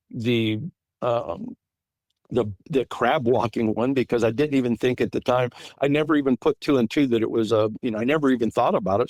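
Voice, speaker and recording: A man's voice: mid-range voice, darkish tone, no room sound. A middle-aged man from California recounting an encounter in a rambling way, restarting his sentences often over a remote call. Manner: rambling, many restarts and fillers. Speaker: guest witness. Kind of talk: casual interview storytelling.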